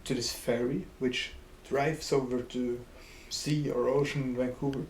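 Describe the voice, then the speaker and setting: A man co-hosts a casual podcast and tells his story in a relaxed, halting way. His voice stays flat and even, and the room echoes noticeably. A faint noise hums behind him. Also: mid-range voice. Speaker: podcast co-host. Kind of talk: casual chat.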